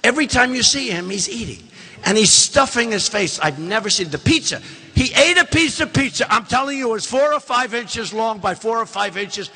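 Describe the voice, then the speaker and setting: A man's voice: very high voice, lively intonation, normal speed, pushed and bright, breathy edge. Boastful older man speaking in an echoing hall. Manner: boastful, rambling, mocking asides to the crowd. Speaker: political candidate. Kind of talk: campaign rally speech. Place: large indoor events hall. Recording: long hall reverb from a live rally.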